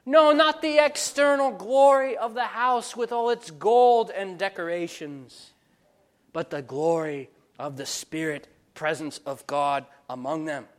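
A man with a high-sitting voice preaches an expository sermon at a measured pace. He hammers his points home with emphatic rhetorical questions, stressing key words.

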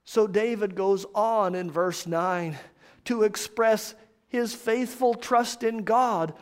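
A man preaching a sermon, reading scripture aloud and explaining it deliberately, dropping to a hush on somber lines. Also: high-pitched, clean tone. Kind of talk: expository sermon.

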